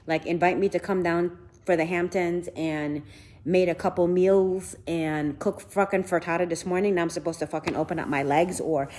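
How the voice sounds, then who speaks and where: A woman's voice: fairly low pitch, steady tone, moderate pace, a little mellow, a little hiss or hum. A woman in her fifties filming a live tour of a large house on her handheld phone, talking bluntly and profanely to her viewers. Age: 50s. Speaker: vlogger.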